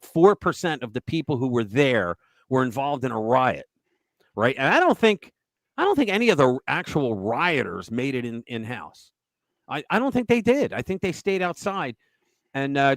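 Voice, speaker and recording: Middle-aged male host, sarcastic live commentary, lively swooping pitch, fairly high voice, close dry sound. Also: no echo. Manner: animated, sarcastic, reads headlines aloud.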